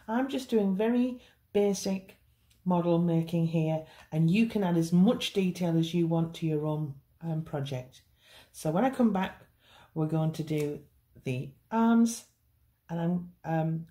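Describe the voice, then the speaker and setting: Lady doing a slow chatty fondant tutorial, mellow lowish voice. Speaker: cake decorating tutor. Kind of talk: hands-on baking tutorial.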